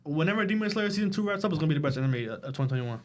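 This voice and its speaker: A man's voice: on the high side, expressive, very fast. A young man co-hosting a podcast in a casual chat, insistent and enthusiastic, laughing often. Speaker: podcast co-host.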